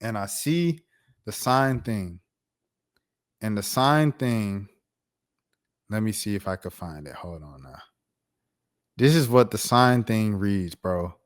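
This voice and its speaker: A man around thirty telling a personal story on his vlog in a casual, slangy, animated way. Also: on the low side, slow, pauses often. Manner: animated, slangy, acts out voices. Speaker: YouTuber.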